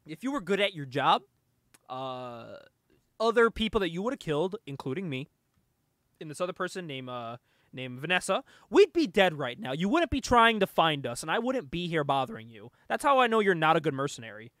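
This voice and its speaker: A man's voice: a little high, big pitch swings, brisk, fairly bright tone, no echo, studio quality, pitched below the performer's own voice. A man voicing a smug male cyborg rival who lectures in a matter-of-fact way while retelling a comic. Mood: lecturing.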